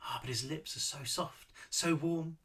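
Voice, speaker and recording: A man's voice: a little high, monotone, takes it slowly. A man voicing a swooning girl's dreamy inner voice. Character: lovestruck young woman's swooning inner voice.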